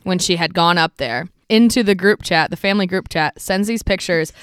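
A young woman co-hosting a podcast, telling animated stories in slangy casual chat and swearing freely. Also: on the low side, normal speed, smooth, dry recording, studio quality. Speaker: podcast co-host.

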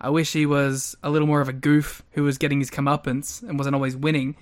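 A man co-hosting a podcast, teasing his partner with deadpan lines and frequent laughter. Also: a little high, quick pace. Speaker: podcast co-host. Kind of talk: casual podcast banter.

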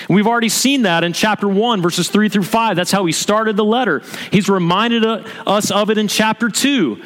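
A man's voice: sits high, a bit bright. A man preaching a sermon to his congregation as pastor, earnest, asking rhetorical questions and repeating his key points. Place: church sanctuary. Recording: long reverb of a church hall.

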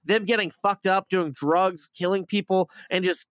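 A man's voice: high-pitched, normal speed, fairly bright tone, no room sound. A man casually retelling a movie plot on a review podcast, rambling with lots of fillers and swearing. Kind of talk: casual chat.

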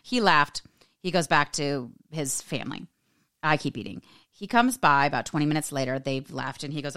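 A low, smooth-voiced American woman in her forties, chatting through a personal story on her podcast. She is sassy and animated and mimics the people she quotes, and her voice stays clear and resonant. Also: normal speed. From United States. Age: 40s. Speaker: podcast host. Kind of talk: casual storytelling monologue.

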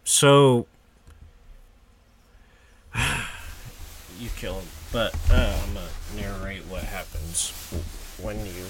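Male game master, deliberate pace, lowish voice, casual descriptive narration. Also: a little hiss or hum. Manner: unhurried, descriptive narration with fillers.

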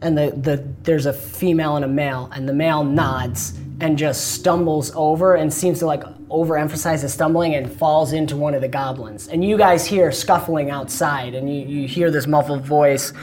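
A woman's voice: deep voice, fairly even intonation, moderate pace, hardly any pauses, darkish tone, a little hiss or hum. A woman narrating as game master of a tabletop game, descriptive, with frequent laughs and loose restarts.

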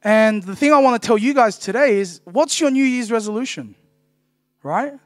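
A man's voice: extremely high pitch, expressive, normal speed, no echo, clean studio sound, faint music behind. A man, preaching a casual, joking sermon full of "right?" tags. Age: 30s. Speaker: pastor.

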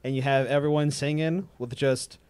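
A man's voice: medium pitch, normal speed, smooth, dry recording. Rambling young man chatting casually. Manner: rambling, animated, imitates drum sounds. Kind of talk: casual chat.

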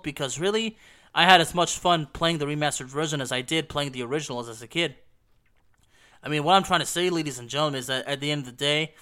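A hoarse man talks casually into the mic, his voice bright and smooth beneath the roughness. He rambles with many "you know" fillers as he hosts his show. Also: a little high. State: hoarse and coughing while recovering. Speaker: podcast host. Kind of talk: casual solo talk about video games.

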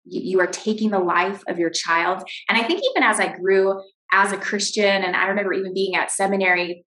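A middle-aged woman giving a personal faith testimony as an interview guest, earnest and halting, often restarting her sentences. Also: mid-range voice, steady tone, a bit bright, roomy sound, poor audio.

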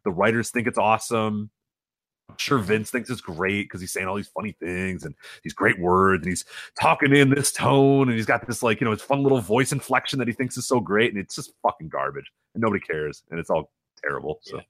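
A man's voice: on the low side, expressive, a little fast, a bit bright, no room sound, studio quality. A man co-hosting a wrestling podcast, ranting casually and profanely, slipping into mocking quoted voices. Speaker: podcast co-host. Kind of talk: casual wrestling review chat.

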